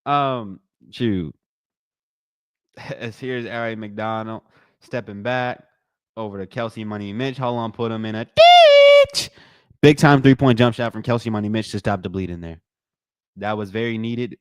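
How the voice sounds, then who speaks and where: A young man commentating a live watch party, joking with his chat in a slangy, excitable way. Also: moderate pace, smooth, no echo, clean studio sound. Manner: excitable, joking, slangy, bursts into high-pitched reactions.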